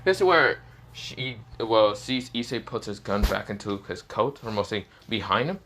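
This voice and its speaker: A man spins a fan-fiction tale off the cuff, his voice on the low side. He rambles through fillers and self-corrections as he goes, loose and unscripted. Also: animated, normal speed, fairly bright tone, a little hiss or hum. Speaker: storyteller. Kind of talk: improvised fan-fiction narration.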